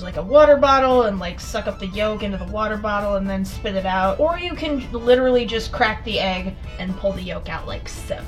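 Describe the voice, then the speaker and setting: A young woman vlogging casually from her home kitchen as she bakes. She chats, swears freely and breaks into loud exclamations. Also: on the high side. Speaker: baking vlogger. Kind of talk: casual baking vlog. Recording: distant mic, background music.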